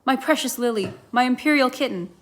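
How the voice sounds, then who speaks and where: A woman's voice: high-pitched, brisk, voice pushed up, close to an everyday voice. A woman voicing the White Queen, a fussy and dramatic chess piece, who cries out shrilly in a children's storybook reading. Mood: doting.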